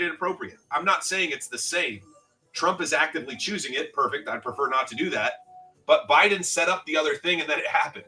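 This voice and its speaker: A man's voice: medium pitch, pushed and bright. A man hosting a livestream in casual chat, rambling and swearing as he reads out viewers' comments. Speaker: livestream host. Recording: distant mic with faint background music.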